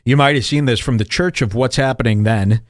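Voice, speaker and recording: A man's voice: medium pitch, a little fast, no room sound, clean studio sound. A man hosting a podcast, telling rambling, sarcastic stories in a casual comedic chat. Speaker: podcast host.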